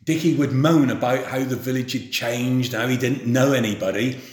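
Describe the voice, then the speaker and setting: A middle-aged man from England telling memories of his youth in an unhurried, plain-spoken way. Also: mid-range voice, a little mellow. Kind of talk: spoken memoir. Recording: roomy echo.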